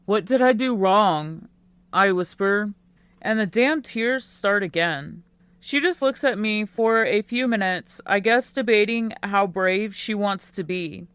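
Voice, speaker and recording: A woman narrating a first-person teen romance audiobook in a quiet, unhurried way. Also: medium pitch, clear, resonant tone, no room sound.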